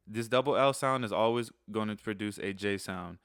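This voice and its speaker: Guy with a low smooth voice giving a laid back lesson, lots of "you know", says the phrases slow. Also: no echo, clean studio sound. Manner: relaxed, repeats phrases slowly, fillers like "you know". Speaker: channel host teaching phrases. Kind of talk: casual spoken lesson.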